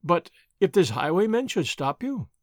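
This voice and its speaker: A man reading aloud as a spirited, impatient young noble lady in an old adventure storybook, with a sharp, exasperated manner. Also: sits high, sing-song, normal speed, dry recording, clean studio sound.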